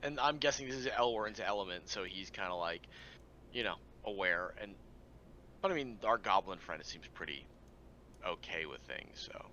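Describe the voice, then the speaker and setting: Man, tabletop player, casual and playful, lively pitch, bright tone. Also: moderate pace, muffled recording, slight background noise. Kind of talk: playing a tabletop game.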